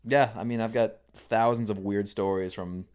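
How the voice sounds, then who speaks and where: A young man talks casually as a podcast guest, his voice sitting fairly low. He tells stories in an animated way and acts out the voices of the people in them. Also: normal speed, clean tone. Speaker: podcast guest, content creator. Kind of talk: casual chat.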